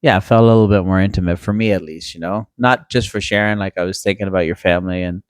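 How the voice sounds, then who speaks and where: Man, easygoing podcast co-host, joking, deepish voice, dry close sound. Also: fairly even intonation, fast, clear, resonant tone, no room sound. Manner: easygoing, joking, many fillers. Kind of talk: casual chat.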